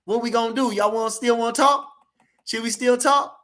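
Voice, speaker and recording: Man, AAVE, boxing livestream host. High, bright voice; loose and slangy, repeats lines for emphasis. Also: fairly even intonation, fairly quick. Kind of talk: casual livestream chat reading comments.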